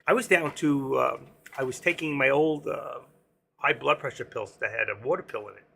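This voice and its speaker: A man in his sixties hosting a casual stock trading livestream, rambling and joking between chart calls, his voice going hoarse. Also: mid-range voice, normal speed, bright, forceful tone. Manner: rambling, joking asides, sings snatches of songs. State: losing his voice. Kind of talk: casual live-stream market commentary.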